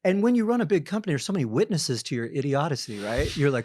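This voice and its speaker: A man's voice: a little high, sing-song, quick pace, darkish tone, dry recording. Candid middle-aged man telling stories. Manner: storytelling, acts out quoted thoughts in other voices; self-deprecating, frequent restarts and laughs. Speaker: podcast guest, company founder. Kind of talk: casual conversation.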